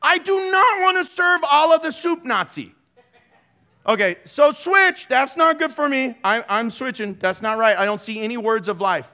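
A man's voice: very high voice, normal speed, pushed and bright. A man pastor giving a sermon, joking, laughing often and throwing sarcastic asides to the congregation.

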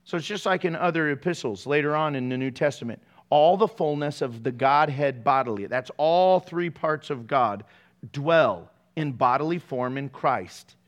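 A man with a high voice preaches a casual sermon to his congregation. He jokes between scripture readings and keeps the tone playful. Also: normal speed. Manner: playful, jokey asides to the congregation. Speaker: pastor.

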